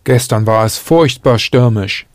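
Man calmly speaking model phrases. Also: mid-range voice, a little slow, dry recording, clean studio sound. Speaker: model speaker in language lesson. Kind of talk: scripted example phrases.

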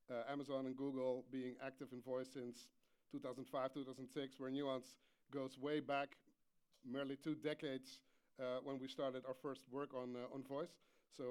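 A man's voice: medium pitch, darkish tone, clean tone. A man giving a conference presentation, hesitant with many fillers and a light humor. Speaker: conference speaker.

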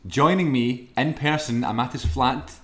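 A man hosting a podcast, chatting casually and jokily with his co-host in a flat. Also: mid-range voice, unhurried, echoey room. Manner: animated, jokey, playful teasing. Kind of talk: casual chat. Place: co-host's flat.

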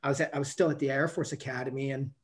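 A man's voice: medium pitch, fairly even intonation, racing. Rambling middle-aged male coach. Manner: rambling, with many restarts and fillers. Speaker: coach, podcast guest. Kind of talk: casual storytelling interview.

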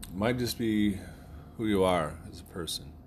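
A man's voice: fairly low pitch, animated, moderate pace, slight background noise. A man recording a casual, rambling video message just after waking from a nap, talking while eating. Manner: rambling, loose and just-woken. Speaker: vlogger.

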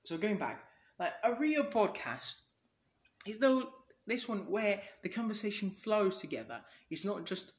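High and sing-song, this male podcaster's voice moves at a measured pace. Alone on his show, he rambles from topic to topic, curses without restraint, and performs pretend conversations in a loose monologue.

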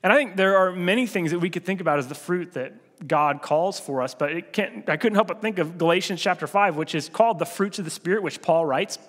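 A man giving a sermon as pastor, talking in a relaxed, conversational way with frequent filler restarts. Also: high-pitched, brisk. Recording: long hall reverb.

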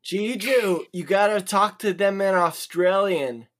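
A man's voice: sits high, a little slow, fairly bright tone. A man playing a tabletop game, joking and playful with his friends. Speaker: player. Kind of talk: casual tabletop banter.

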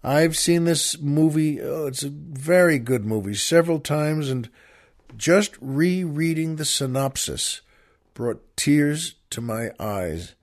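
Male show host: slow-paced, folksy, chatty with listeners. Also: on the high side. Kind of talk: folksy show talk and poetry reading.

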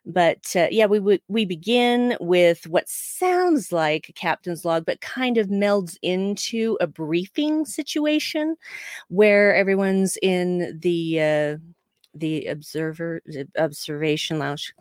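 A woman co-hosting a podcast in casual chat, talking in a chatty, animated way with quick asides. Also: lowish voice, dry recording, clean studio sound. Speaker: podcast co-host.

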